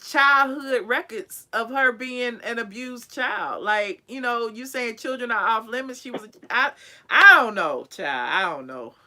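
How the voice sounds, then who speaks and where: A woman hosting a casual live chat with callers, sassy and quick to laugh. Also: a little high, lively intonation, bright, forceful tone. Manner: sassy, laughs often, drawn-out "child". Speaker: channel host.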